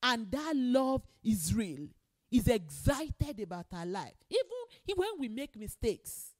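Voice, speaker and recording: A woman's voice: a little high, big pitch swings, unhurried. A woman preacher delivering an emphatic sermon and repeating key phrases for weight.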